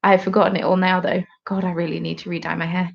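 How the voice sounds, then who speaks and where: A woman's voice: fairly low pitch, level tone, fast talker, gravelly, muffled recording. Chatty woman knitting on a live stream. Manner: chatty and rambling, reading out viewer comments; knitting while she talks. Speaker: host of a knitting podcast. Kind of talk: casual live-stream chat. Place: at home.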